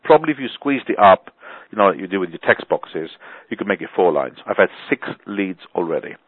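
A man's voice: low voice, lively intonation, brisk, husky, no room sound. A man hosting a business conference call, rambling and emphatic, repeating words for stress, heard over a phone line. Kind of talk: casual call talk. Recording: tinny phone line, dry.

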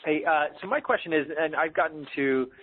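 Fast husky man calling in on a phone line. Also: fairly high pitch. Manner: hesitant, stumbles and repeats words. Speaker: caller. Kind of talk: asking a question on a call.

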